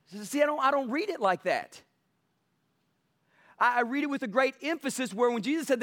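A man's voice: very high voice, expressive, moderate pace. A male pastor preaching a sermon emphatically, building passion. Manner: emphatic, building passion, mocks soft quotes.

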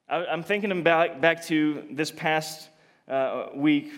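A man preaching a sermon in an earnest, confessional way, often restarting his sentences and moving between soft and emphatic delivery. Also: a little high, unhurried, in a large hall.

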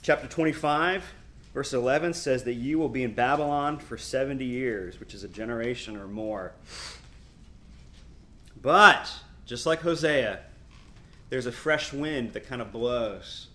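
A middle-aged man teaching a Bible lesson, reading scripture aloud with emphatic, animated delivery and quick asides. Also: mid-range voice.

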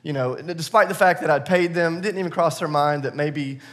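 A man's voice: a little high, moderate pace. A man preaching a sermon, telling a personal story in a conversational, self-deprecating way before moving into scripture. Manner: conversational, self-deprecating, animated retelling with laughs. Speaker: pastor.

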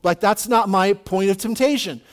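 A man's voice: high voice, normal speed. A pastor preaching a conversational sermon to his congregation, often saying "you know" and restarting his sentences. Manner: casual, repeats words and restarts, says "you know" often.

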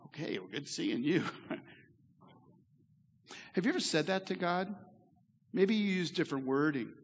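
A pastor giving a sermon in a church, earnest and conversational, with asides to the congregation. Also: male voice, a little high, expressive, unhurried, pauses often, slightly rough. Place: church sanctuary. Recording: echoey hall reverb.

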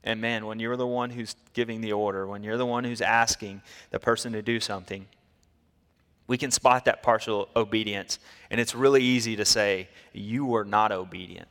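A man preaching a sermon, telling stories in a lively way and acting out the people in them. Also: lowish voice, moderate pace, clear, resonant tone, in a large hall. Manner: storytelling, animated, acts out quotes. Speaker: pastor.

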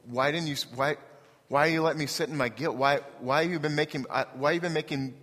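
A guilt-ridden young boy, as a preacher acts him out, halting and stammering over his words in a hushed voice. The tone is bright and pressing, and a long hall reverb trails each phrase. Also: fairly high pitch, steady tone, pitched above the performer's own voice. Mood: remorseful.

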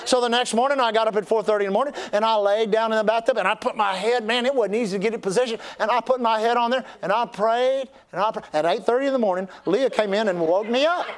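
A man's voice: sits high, quick pace, few pauses. An older man, a pastor telling a folksy, humorous story in a sermon, with lots of restarts. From Texas.

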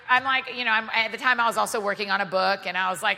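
A woman with an American Southern accent telling a self-deprecating story to a live audience as a guest speaker, animated and often laughing. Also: on the high side, racing, gravelly. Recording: long reverb of a large hall.

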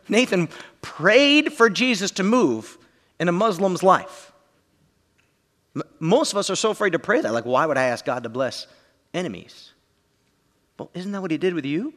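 A male pastor delivers an earnest sermon and speaks straight to his congregation. His voice sits in a middle pitch. The long reverb of a large sanctuary trails after his words. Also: fairly bright tone. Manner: earnest, addresses the congregation directly.

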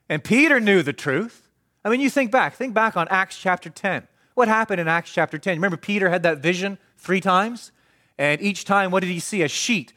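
A man preaching a sermon, asking the congregation questions and answering them himself, swinging from emphatic to hushed. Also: sits high.

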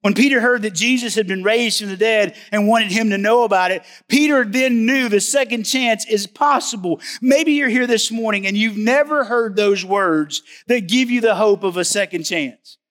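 A man's voice: high voice, normal speed, few pauses, fairly bright tone. A man preaching a sermon in a church service. He speaks emphatically and repeats key words for stress. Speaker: pastor.

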